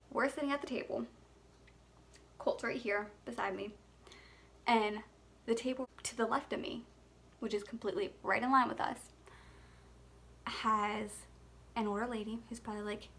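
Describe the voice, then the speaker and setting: A young adult woman, a mother, telling a personal story in a chatty, expressive way, laughing often and saying "like" a lot. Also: on the high side, a little hiss or hum. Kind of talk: casual storytime monologue.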